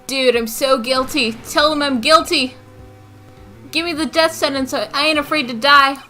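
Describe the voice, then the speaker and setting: A woman's voice: high-pitched, normal speed, pushed and bright, faint music behind, pitched above the performer's own voice. A woman doing a wailing heartbroken young man. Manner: wailing, melodramatic, wobbly put-on accent. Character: frantic heartbroken young man, loud and despairing.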